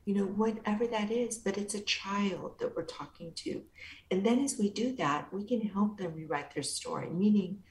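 A woman guest being interviewed, speaking calmly and gently in a soothing, therapeutic way. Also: medium pitch, normal speed. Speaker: guest author and inner-child coach. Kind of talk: interview answers. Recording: roomy echo.

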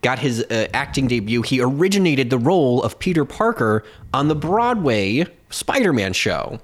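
A man's voice: mid-range voice, sing-song, normal speed. Man reporting a film fact. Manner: explains facts, jokey. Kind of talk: casual chat.

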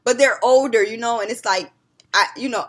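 Husky, animated woman telling family stories. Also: fairly high pitch, normal speed. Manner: animated storytelling, acting out scolding her kids. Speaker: podcast co-host. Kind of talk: casual chat.

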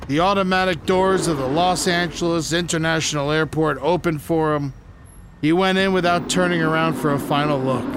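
A man telling a comic story in deadpan, mock-dramatic narration, now and then bursting into shouts. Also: fairly high pitch, background noise. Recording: music bed behind the voice.

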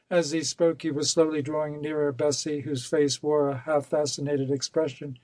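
Male audiobook reader: steady, measured narration, slightly high-pitched, dry close-miked sound. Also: no echo, rough recording. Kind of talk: scripted narration of a novel.

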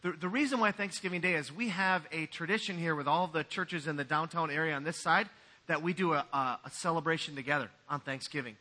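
A man's voice: on the high side, fairly quick, bright, forceful tone. A man pastor giving a sermon in a conversational, joking way.

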